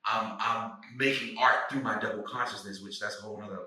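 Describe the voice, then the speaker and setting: Animated St. Louis man, echoey room. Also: lowish voice, brisk. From St. Louis, USA. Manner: animated, profane storytelling with slang. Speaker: podcast guest, actor and writer. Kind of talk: casual conversation. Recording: echoey room, distant mic.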